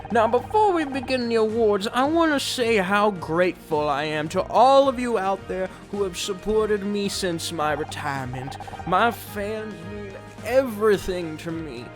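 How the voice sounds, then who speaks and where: A man's voice: high-pitched, expressive, unhurried, hardly any pauses, soft background music. A man voicing a smarmy retired male host of an awards show, talking in showy, joking emcee patter in a game. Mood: hammy.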